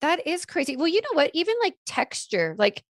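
A woman in her thirties talks frankly and with lots of animation in a casual podcast chat, slipping into acted-out quotes with gasps. Her voice sits fairly high, and the sound is close and dry. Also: big pitch swings, brisk, no room sound. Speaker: podcast guest.

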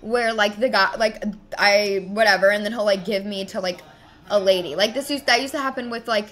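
A woman's voice: mid-range voice, a little fast, fairly bright tone. A young woman streamer in casual chat, telling a story in a rambling way. She sounds hurt and frustrated, fills her talk with fillers and swears as she vents.

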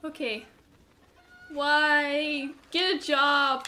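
A young woman with a high, bright voice narrates her own game run as she plays. She is excitable, breaking into panicked shrieks when things go wrong, then drifting into rambling, self-mocking chatter with laughs. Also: slow pace. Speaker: gameplay commentator. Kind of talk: let's play commentary.

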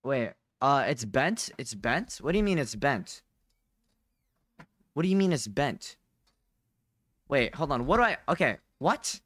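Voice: mid-range voice, very animated, unhurried, pauses often, a bit bright, no room sound. A live streamer chatting casually with viewers, restless and questioning, dropping bro and dude often, on a close condenser mic at a home setup. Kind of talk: casual livestream chat to viewers. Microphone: condenser desk mic, close.

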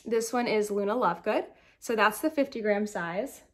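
A woman's voice: mid-range voice, moderate pace, fairly bright tone. A woman hosting a knitting podcast, chatting casually and rambling with giggly asides while showing her projects, in a groggy morning voice.

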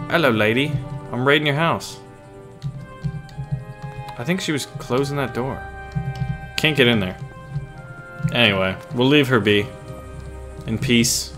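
A gaming channel host, a man with a scratchy, mid-range voice and a fairly bright tone, plays a game while he talks. His let's play commentary is playful, jokey, and casual.

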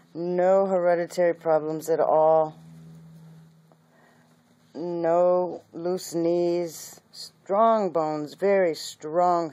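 A woman breeder talking casually about her puppies, often cooing to them in soft baby talk. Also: fairly low pitch. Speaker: dog breeder. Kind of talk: casual video chat with puppies.

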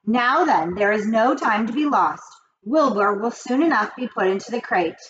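A woman reads a children's storybook aloud in a fairly high, expressive voice. The recording sounds dull and a little muffled, with faint hiss underneath. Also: normal speed. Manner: expressive, animated reading. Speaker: reader. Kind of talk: read-aloud storybook narration.

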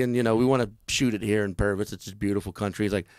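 Animated storytelling man, dry mic. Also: fairly low pitch, racing, few pauses, no echo. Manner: animated, acts out voices of people in the story. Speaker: comedian telling a story. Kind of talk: casual storytelling on a comedy podcast.

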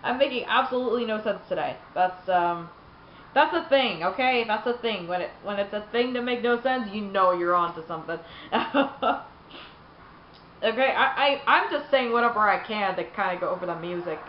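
A woman's voice: medium pitch, animated, moderate pace. Woman, casual gameplay commentary, rambling and self-mocking, roomy echo, dull sound. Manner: rambling, self-deprecating, laughs at own jokes. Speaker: gaming video creator. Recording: roomy, muffled, faint noise.

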